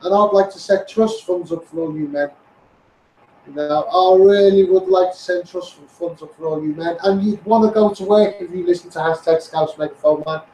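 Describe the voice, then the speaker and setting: A man's voice: high-pitched, steady tone, moderate pace, warm tone, echoey room, distant mic, rough recording. A man with a Liverpool accent hosting a casual live stream, reading out viewer comments and calling people mate. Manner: addresses viewers by name, calls them mate.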